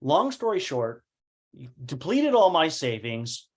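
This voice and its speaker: A man's voice: a little high, sing-song, slow pace. A man telling his own business story in a casual motivational talk, acting out past conversations with fillers and rhetorical questions.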